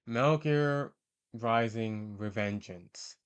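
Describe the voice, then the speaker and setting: A man's voice: mid-range voice, takes it slowly, clean tone. Hesitant, rambling young man. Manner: hesitant and rambling, many fillers and self-corrections. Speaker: video host ranking characters. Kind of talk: casual tier-list commentary.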